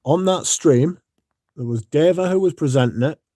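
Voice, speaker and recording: A man's voice: on the high side, moderate pace, warm tone, dry recording, clean studio sound. A man hosting a casual livestream, sleepy and yawning, rambling and swearing as he chats to his viewers. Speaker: livestream host.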